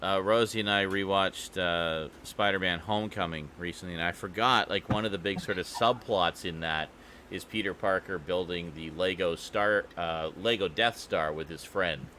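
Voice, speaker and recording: A man co-hosting a podcast in casual chat, who laughs easily and reacts with lively surprise. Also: deep voice, moderate pace, slight background noise.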